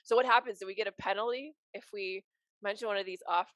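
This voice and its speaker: A woman co-hosting a podcast in casual chat, bubbly and quick to laugh. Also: mid-range voice, a bit bright, rough recording. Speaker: podcast co-host.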